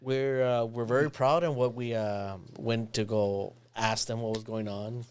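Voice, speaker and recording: A man's voice: medium pitch, steady tone, measured pace, darkish tone, clear, resonant tone. A man co-hosting a casual talk show, joking and a bit scattered. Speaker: podcast co-host. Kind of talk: casual chat.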